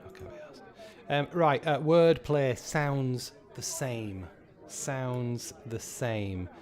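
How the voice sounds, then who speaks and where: A man in his thirties hosting a live pub quiz, chatty and sweary, repeating each question slowly. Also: medium pitch, crowd noise.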